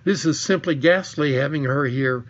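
A man's voice: fairly high pitch, normal speed, dull audio, natural voice. A man reading the part of an anxious young boy who pleads and gets flustered. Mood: pleading.

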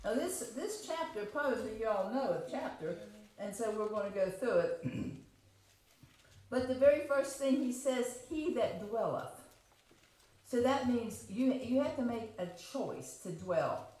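A woman preaches a homespun, conversational sermon in a church sanctuary, reading scripture aloud and explaining it. Her slightly high, mellow voice is expressive and measured as she repeats and rephrases points and asks the congregation questions. The room is very echoey.

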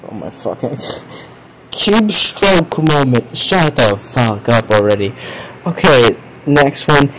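A man's voice: medium pitch, expressive, takes it slowly, a bit bright, a little hiss or hum, poor audio. A young man streaming live, reacting to chat confessions in a profane, exasperated way with frequent laughter. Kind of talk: casual live stream commentary.

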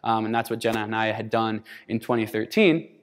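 A man's voice: fairly low pitch, a little fast. A man in his thirties giving a storytelling keynote talk, animatedly acting out quoted dialogue. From United States. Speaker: keynote speaker. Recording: hall reverb.

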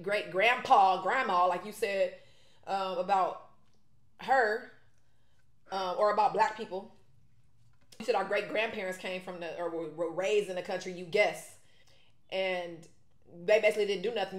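A woman talks straight to her viewers in animated, indignant vlog chatter. Her voice sits at a middle pitch. The room around her has a noticeable echo. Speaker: vlogger. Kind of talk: casual mukbang commentary.

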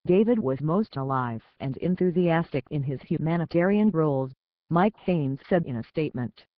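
A man's voice: a little high, lively intonation, normal speed, no room sound. Man reading news over a tinny line. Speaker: news reader. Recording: tinny phone-like dry sound.

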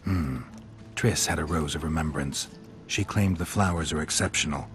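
An actor playing a grim, terse male monster hunter with a dry, flat manner in a video game. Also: rumbling low, moderate pace, soft background music.

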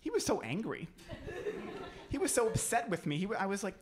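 A man's voice: high-pitched, animated, brisk. A young man doing stand-up comedy at a live show, telling a rambling, self-deprecating story with many restarts. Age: young adult.

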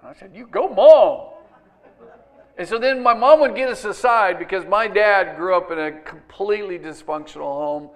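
Man preaching, hushed to loud. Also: high-pitched, brisk, hardly any pauses. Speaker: pastor. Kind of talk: sermon. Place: church sanctuary.

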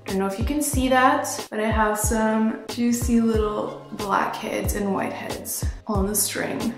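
A woman's voice: mid-range voice, fairly even intonation, unhurried, over music. A woman vlogger walking through a beauty tutorial step by step, chatty and upbeat with playful slang, in a bathroom at home. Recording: very echoey bathroom.

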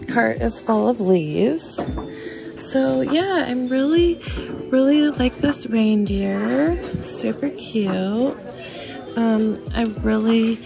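Excited woman vlogging while shopping. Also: on the high side, gravelly. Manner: excited, gasping, chatty. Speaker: thrift reseller vlogger. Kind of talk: casual shopping vlog. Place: store. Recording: music playing behind.

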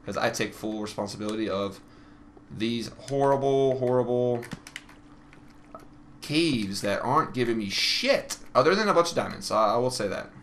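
Bright-voiced frustrated gaming commentator. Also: male voice, lowish voice, a little hiss or hum. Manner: frustrated, swearing, talks to viewers as guys. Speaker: gaming channel host. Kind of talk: casual let's-play commentary.

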